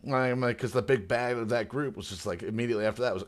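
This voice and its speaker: A man chatting as a podcast guest, retelling scenes with animated, slangy, swearing energy. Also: medium pitch, fast. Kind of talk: casual chat.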